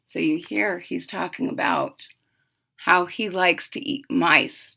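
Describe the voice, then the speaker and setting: A woman teacher reading a picture book aloud to children, expressive, with chatty asides to the class. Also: lowish voice, takes it slowly, creaky, slightly rough.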